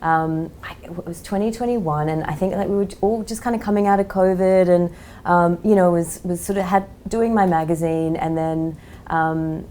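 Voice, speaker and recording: Woman, Australian accent, 30s, low and mellow, frank, lots of fillers. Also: steady tone, moderate pace. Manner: chatty, frank, many "like" and "um" fillers. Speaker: magazine editor, podcast guest. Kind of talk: casual interview chat.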